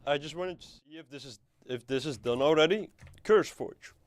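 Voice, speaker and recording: A man's voice: fairly high pitch, moderate pace. Rambling playful man streaming a game. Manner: rambling, playful, swears casually. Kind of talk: casual live game stream chat.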